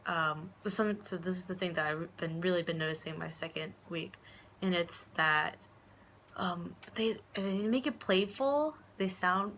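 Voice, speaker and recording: A woman's voice: on the low side, pushed and bright, a little hiss or hum. A young woman from the United States rambling casually in a vlog, full of fillers and restarts, acting out the voices of people she quotes. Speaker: vlogger.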